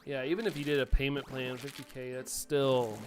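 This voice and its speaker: A man from the US streams live, chatting casually and replying aloud to chat in a medium-pitched, level voice at a fairly quick pace. His allergies make him a bit sniffly. The background is noisy.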